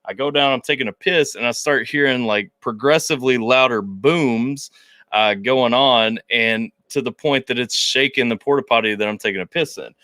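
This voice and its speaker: Male veteran co-host, bright tone, casual swearing storyteller. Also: moderate pace, dry recording. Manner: profane, animated retelling, voice jumps high when quoting. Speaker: podcast co-host, army veteran.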